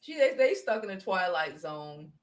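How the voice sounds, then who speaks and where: A woman from the United States hosting her own channel, ranting on a livestream in a blunt, profane, confrontational way, swinging between loud outbursts and low muttering. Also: sing-song, moderate pace. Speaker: channel host. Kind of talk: livestream commentary rant.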